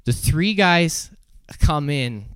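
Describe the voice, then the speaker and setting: A man in his twenties telling a story on a podcast, animated, acting out other people's voices and laughing as he goes. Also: a little high, very slow, clean tone, no echo, studio quality. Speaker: podcast co-host. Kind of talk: casual storytelling.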